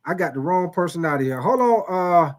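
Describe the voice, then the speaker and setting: A man's voice: high-pitched, animated, a little fast. A man casually hosting a live sports stream, chatting loosely, repeating himself and talking straight to his viewers. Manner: chatty, reads out viewer comments, addresses chat as y'all; informal, repetitive, many fillers.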